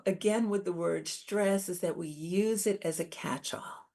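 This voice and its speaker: A middle-aged woman giving a calm, explanatory talk on coping with stress, as presenter. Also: lowish voice, unhurried, gravelly, hardly any pauses. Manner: calm, validating, explains step by step.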